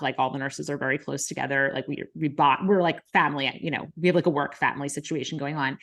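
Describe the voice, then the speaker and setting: A woman in her thirties, a podcast host, frankly telling a personal story in casual conversation, with many fillers. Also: deep voice. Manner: frank, many likes and ums, emotional retelling.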